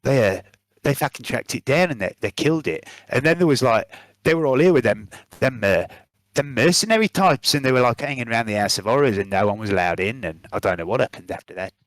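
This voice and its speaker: A man's voice: mid-range voice, animated, fast talker, no room sound, natural voice. A man voicing a spaced-out, drug-using male carnival worker who rambles and swears in a wobbly Birmingham accent. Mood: rambling.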